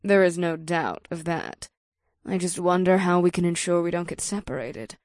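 A man voicing a serious woman who owns a nightclub, speaking in a grave, measured tone. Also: high-pitched, animated, no room sound, clean studio sound, voice pushed up.

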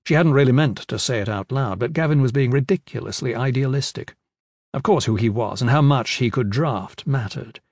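Man narrating an audiobook, measured, mid-pitched, dry close sound. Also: darkish tone, dry recording. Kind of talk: scripted narration.

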